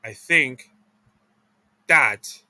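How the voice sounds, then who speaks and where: Ranking players in loose, rambling commentary full of restarts and self-corrections, an esports video creator speaks slowly and sluggishly after eating. His mid-range voice is still animated, pushed and bright. There's no room sound.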